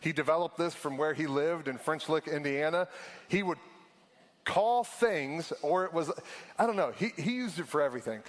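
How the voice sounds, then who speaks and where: A man, preaching a sermon in a casual storytelling way that slows down for emphasis. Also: on the high side, in a large hall. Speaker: pastor.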